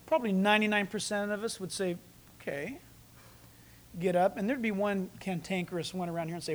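High-voiced man preaching a sermon. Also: brisk. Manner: preaching with sudden loud peaks and quiet asides. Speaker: pastor.

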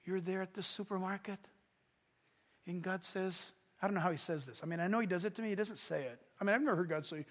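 A man preaching a sermon as pastor, animated and swinging from hushed asides to shouts. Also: high voice, fast talker, in a large hall. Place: church.

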